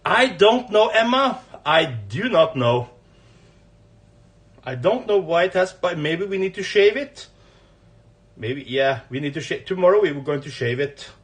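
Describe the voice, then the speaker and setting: A man's voice: on the high side, lively intonation, measured pace, long pauses. An older man with a Norwegian accent, chatting playfully and teasingly on a livestream as a grandfather with his granddaughter. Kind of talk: casual livestream chat.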